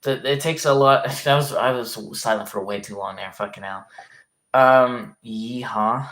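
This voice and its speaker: A man's voice: mid-range voice, steady tone, moderate pace, fairly bright tone. A man chatting casually on a livestream, reading comments aloud in a rambling, hesitant way and swearing often.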